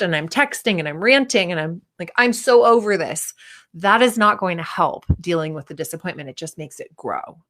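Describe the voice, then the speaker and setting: A woman's voice: fairly low pitch, fairly bright tone. A woman in her thirties, a performance coach, giving a candid, casual talk and acting out the voices of people she quotes.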